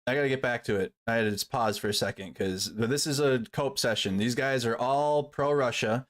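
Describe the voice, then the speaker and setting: A man's voice: medium pitch, fairly quick. A man hosting a live stream, reacting to a panel discussion with mocking, profane asides. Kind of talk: casual reaction commentary.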